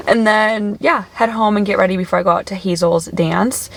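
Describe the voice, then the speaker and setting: A woman's voice: mid-range voice, moderate pace, gravelly, few pauses, slight background noise. A woman in her twenties chatting casually to camera as a lifestyle vlogger, saying "like" a lot and laughing often. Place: home closet, later her car.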